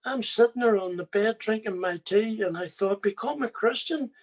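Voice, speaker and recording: A man's voice: sits high, fairly even intonation, normal speed. A man giving a personal faith testimony, telling his story plainly and speaking straight to his listeners.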